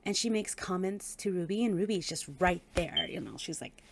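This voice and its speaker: A woman giving a casual book review. She speaks in an animated way, laughs often and swears casually. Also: lowish voice, normal speed, gravelly, noisy background.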